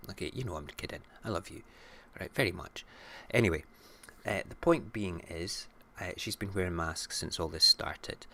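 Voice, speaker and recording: A man's voice: low voice, vocal fry, sharp tone, slight background noise. A middle-aged Scottish man hosting a casual morning show, irreverent and jokey, ranting with swearing. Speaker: radio show host.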